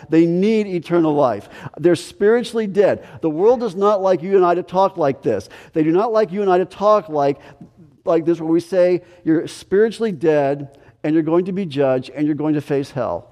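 A pastor preaching in a church hall, his voice a touch higher than most men's yet mellow and soft-edged. He presses his points by repeating words and swings between raised emphasis and quiet intensity. A long reverb trails every phrase. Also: normal speed. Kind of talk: sermon. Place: church sanctuary.

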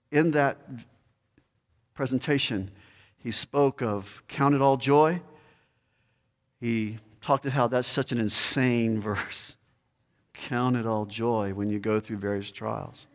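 A man preaching as a pastor, building to emphatic peaks and then slowing into a measured prayer. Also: medium pitch. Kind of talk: sermon and closing prayer. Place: church sanctuary. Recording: long church reverb.

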